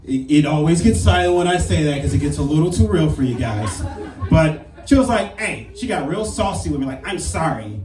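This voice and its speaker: A man in his thirties doing a brash, animated stand-up comedy set on a club stage. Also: fairly high pitch, a little fast. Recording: roomy club sound from a distance. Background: audience laughter.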